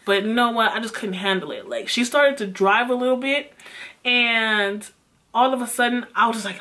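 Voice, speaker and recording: A young woman vlogger retelling a personal story in an animated, emphatic way, swearing often. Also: a little high, normal speed. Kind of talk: storytime vlog.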